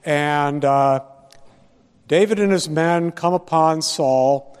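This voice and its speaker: A man teaching a Bible study lecture, deliberate and posing rhetorical questions to his listeners. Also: a little high, clear, resonant tone, long reverb tail.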